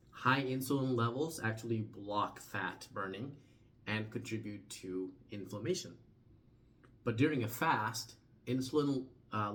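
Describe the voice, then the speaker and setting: A young vlogger talks through a subject in a relaxed, conversational way, his voice sitting on the low side. Phrases frequently fade softly at the end, and he restarts words often.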